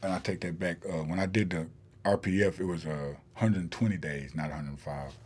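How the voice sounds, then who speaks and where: A man with a low-pitched, husky, slightly mellow voice speaks briskly as a podcast guest. In this casual interview, he rambles through a long story with many fillers and restarts.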